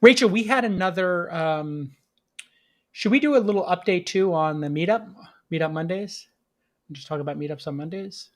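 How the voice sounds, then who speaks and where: A man's voice: high voice, moderate pace. Upbeat man hosting a live stream. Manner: chatty, upbeat, talks to the audience and producer. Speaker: podcast host. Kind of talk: live-stream chat and news rundown.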